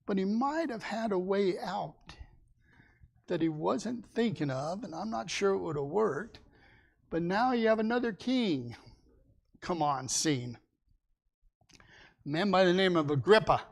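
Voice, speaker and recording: A man's voice: high-pitched, lively intonation, a little slow, vocal fry, pauses often. A man teaching a Sunday Bible class in a folksy way, asking his listeners questions and acting out the people in the story.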